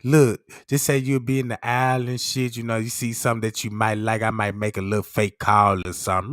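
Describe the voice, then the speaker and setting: A man's voice: fairly low pitch, little pitch movement, a little fast, few pauses. A man hosting a casual chat, telling comedic stories in slangy speech and checking in with his listeners. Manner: slangy, keeps asking "you know what I'm talking about". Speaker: host of an open chat stream.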